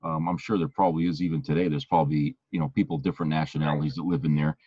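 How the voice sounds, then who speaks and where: A man from Maine co-hosting a casual podcast chat, talking haltingly with many "uh" and "you know" fillers. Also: very deep voice, steady tone, warm tone, slightly rough, no echo, dull audio. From Maine, USA. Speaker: podcast co-host.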